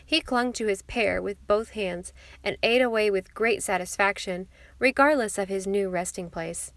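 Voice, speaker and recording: A woman narrating a children's classic audiobook in a clear, steady storytelling manner. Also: mid-range voice, moderate pace, no room sound.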